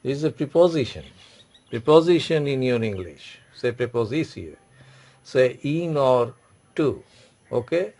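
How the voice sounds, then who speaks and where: A man's voice: medium pitch, expressive, unhurried, darkish tone. A man teaching French pronunciation in a classroom lesson, repeating words and checking with "okay". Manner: repetitive, instructive, frequent "okay" and "say".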